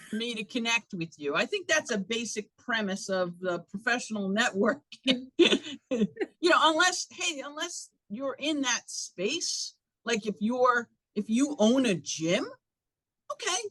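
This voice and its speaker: A woman's voice: fairly high pitch, animated, a little slow, bright, forceful tone, no room sound. A woman guesting on a podcast in a recording studio, talking in a wry, punchy, joking way. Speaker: podcast guest, chamber of commerce staff. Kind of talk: casual interview chat.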